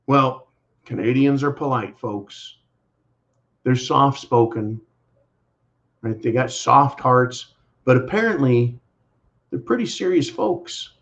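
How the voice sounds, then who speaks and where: A man's voice: medium pitch, slow, vocal fry, long pauses, fairly bright tone. Sarcastic American man, dull audio. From United States. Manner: mocking, repeating sarcastic catchphrases, calls listeners folks. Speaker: channel host. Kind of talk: sarcastic political commentary.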